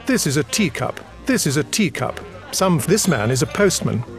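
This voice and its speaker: A deadpan game narrator. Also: male voice, on the high side. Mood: flat. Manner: deadpan, slow, matter-of-fact. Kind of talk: scripted narration. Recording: game narration over music.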